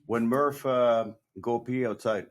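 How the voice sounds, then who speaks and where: A man co-hosting a podcast in casual chat, with a deep morning voice, joking and laughing often. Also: steady tone, slow. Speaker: podcast co-host.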